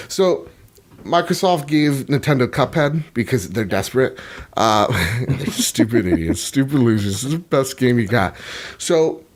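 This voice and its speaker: A man co-hosting a gaming podcast, telling rambling, profane comic stories in casual chat. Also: mid-range voice. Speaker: podcast co-host.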